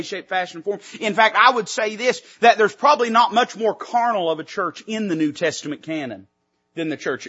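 A man's voice: sits high, bright, forceful tone, slightly rough, lo-fi sound. A man preaching a sermon to his church, building emphasis with repeated phrases. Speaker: pastor. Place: church sanctuary.

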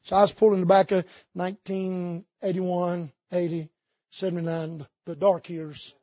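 A man preaches from the pulpit, spinning folksy stories. His voice sits high and a bit husky. The sound is dry and dull, with a muffled, lo-fi edge. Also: level tone, moderate pace, dark tone, no echo. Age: 50s. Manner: folksy storytelling with Southern idioms. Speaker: pastor. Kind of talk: sermon. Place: church sanctuary.

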